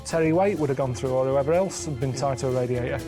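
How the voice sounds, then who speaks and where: Deadpan complaining man in his thirties. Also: mid-range voice, fast talker, over loud music. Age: 30s. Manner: deadpan, plain-spoken complaining. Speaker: show's travelling guest. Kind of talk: casual chat with banter.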